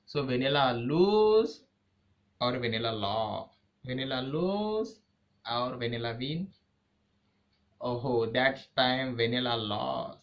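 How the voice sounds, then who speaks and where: A man telling a short story in halting, non-native English, quizzing the listener with rhetorical questions. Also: medium pitch, animated. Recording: dull lo-fi recording.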